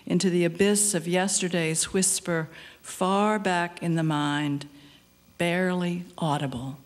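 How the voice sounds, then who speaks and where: Soft-spoken older woman reading poetry. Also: on the low side. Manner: slow, measured reading with soft, hushed passages. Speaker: poet.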